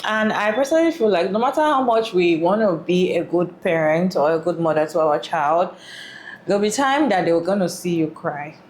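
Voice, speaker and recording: A woman's voice: lowish voice, animated, moderate pace, darkish tone. A woman who makes reaction videos, giving casual commentary in an earnest, repetitive way.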